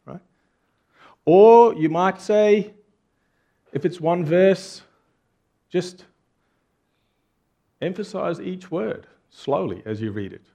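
A man's voice: high-pitched, lively intonation, slow, gravelly, pauses often, mellow. A man preaching a conversational sermon, earnest and full of rhetorical questions. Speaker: pastor.

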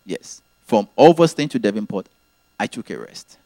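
A male preacher delivers a sermon in an earnest teaching manner, circling back to his main phrases. His pitch moves in a lively way. The sound is dry and close. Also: moderate pace, dry recording.

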